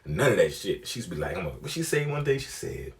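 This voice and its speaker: Profane, animated male comedian, low voice. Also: quick pace. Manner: animated, profane, acts out quotes. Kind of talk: storytelling comedy.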